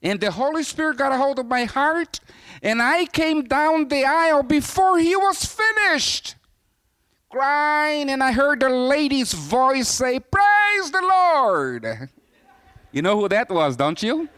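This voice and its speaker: With a very high-pitched voice at normal speed, a missionary preacher from Brazil tells stories in his sermon. He animates them by performing the quoted voices of the characters.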